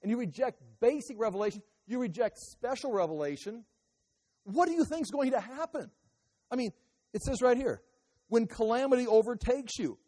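A man preaching a sermon as a pastor, animated, swinging between loud outbursts and quiet asides. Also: very high voice, moderate pace, in a large hall.

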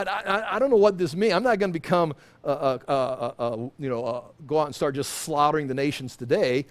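A man's voice: fairly high pitch, brisk. A man teaching from the Bible in an informal sermon, rambling and breaking off mid-sentence, with humorous asides. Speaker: preacher.

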